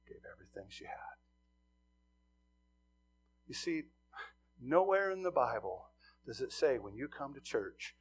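A middle-aged man from Montana preaching a sermon, telling stories with swings from hushed asides to loud emphasis. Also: medium pitch, gravelly, slightly rough. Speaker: pastor.

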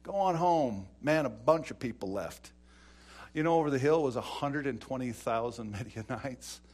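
A middle-aged man preaching a sermon, telling stories and acting out dialogue, swinging between loud bursts and quiet stretches. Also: medium pitch, normal speed. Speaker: pastor.

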